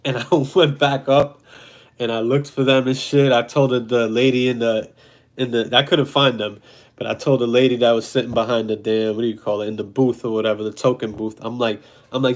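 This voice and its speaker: A man's voice: medium pitch, flat delivery, fairly quick. A man, hosting and telling a blunt, profane story in casual monologue. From New York City. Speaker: host.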